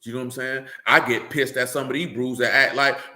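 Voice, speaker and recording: A man's voice: medium pitch, moderate pace, few pauses, pushed and bright, roomy sound. A man preaching in a blunt, profane street-slang manner, often asking "you know what I'm saying.". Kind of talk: streamed sermon-style rant.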